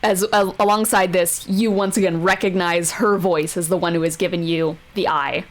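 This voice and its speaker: A woman narrating as the game master of a tabletop game, relaxed and easygoing with her players. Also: fairly low pitch, moderate pace. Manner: easygoing, laughs along with players.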